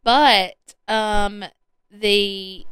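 A woman's voice: medium pitch, steady tone, drawn-out words, fairly bright tone, clear, resonant tone, no room sound. A woman hosting her own podcast solo, chatting casually and rambling with plenty of ums and restarts. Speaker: podcast host. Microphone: headphones with a podcast mic.

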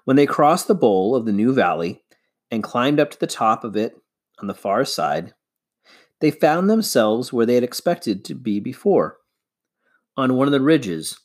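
A man reads a children's science-fiction novel aloud. His delivery is measured and expressive, with a mid-range voice that rises and falls animatedly. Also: medium pitch. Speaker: reader.

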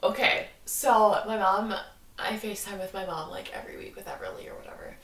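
A woman's voice: mid-range voice, fairly quick, a bit bright, far from the mic. A woman with an Upper Midwest American accent hosting a podcast in a giggly, rambling casual chat full of "like". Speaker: podcast host. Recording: roomy, a little off-mic.

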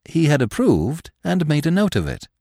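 A man narrating classic fiction in an expressive storytelling manner. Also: fairly high pitch, moderate pace, creaky, dry recording, clean studio sound.

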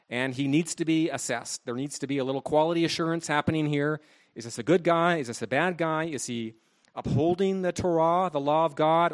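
A man preaching a sermon, asking rhetorical questions and shifting his emphasis as he explains the text. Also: mid-range voice.

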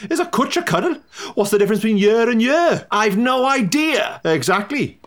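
A man's voice: sits high, big pitch swings, normal speed, a bit bright. A man voicing a pompous old male tennis umpire with a Welsh accent, huffy and indignant.

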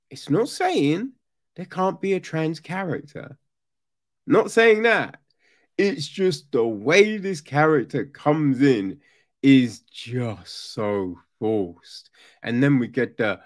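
Male book reviewer, lively swooping delivery, unhurried pace, profane and exasperated. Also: a little high. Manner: animated, swearing, exasperated. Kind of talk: casual ranting review.

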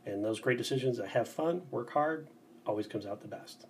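A man's voice: medium pitch, normal speed, a little mellow, a little hiss or hum. A man who guides bike tours, talking as a guest on a casual podcast in an upbeat, enthusiastic, motivational way.

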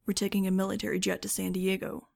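A woman's voice: medium pitch, monotone, fast talker, gravelly, darkish tone. A woman voicing a tired, matter-of-fact man in an audiobook.

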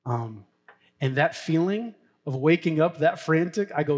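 A man's voice: on the high side, lively intonation, measured pace. A middle-aged man, a pastor, preaching a sermon in a casual, story-telling way and laughing now and then. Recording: long hall reverb.

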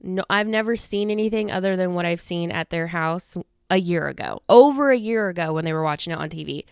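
Young woman, podcast host, casual chat, rambling, lots of fillers, a bit out of breath, smooth clear voice, dry close mic. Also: fairly low pitch, brisk, darkish tone, no echo. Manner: chatty, rambling, with many fillers and restarts. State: a little out of breath. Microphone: studio microphone close to the face.

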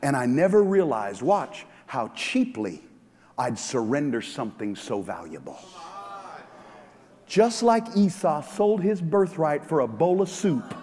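High-voiced male pastor preaching in a hall. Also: big pitch swings, measured pace. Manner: preaching, swinging from hushed asides to shouting. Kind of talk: sermon. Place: large church hall. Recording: long reverb of a church hall.

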